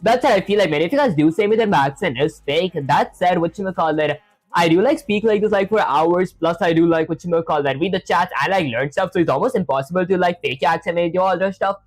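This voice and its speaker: A man's voice: high-pitched, fast, dry recording. A man live-streaming while he codes, thinking aloud with lots of fillers and reading viewer chat aloud to answer it. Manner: thinks aloud, says "honestly" and "that said" often, filler-heavy.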